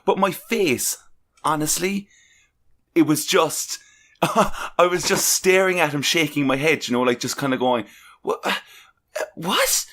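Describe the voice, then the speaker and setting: A man's voice: fairly high pitch, a little slow, a bit bright. A man co-hosting a podcast, telling stories in casual chat, incredulous and swearing freely. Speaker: podcast co-host.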